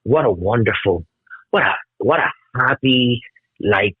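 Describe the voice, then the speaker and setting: Husky man on a tinny line. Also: mid-range voice, lively intonation, a little slow. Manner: emotional, profane, keeps saying "bro". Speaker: guest musician. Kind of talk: casual interview storytelling.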